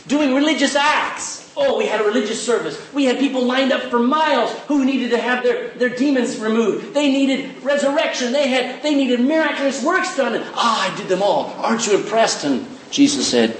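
A male pastor delivers a sermon with an animated, swooping delivery, his voice sitting high for a man. He drops into quick mimicry of the people he describes. The sound is roomy and distant, with faint room noise behind him. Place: church. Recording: echoey church hall, distant mic.

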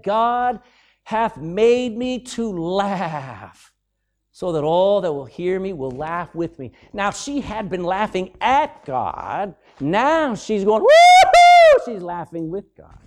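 A man preaching a sermon, reading scripture aloud and commenting on it with sudden loud and soft swings. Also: sits high.

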